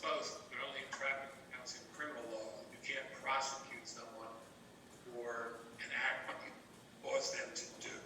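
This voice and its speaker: A man taking part in a Bible study, making crisp, matter-of-fact remarks. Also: mid-range voice, level tone, normal speed, sharp tone. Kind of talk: conversational interjections. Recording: roomy echo, distant mic, faint hiss.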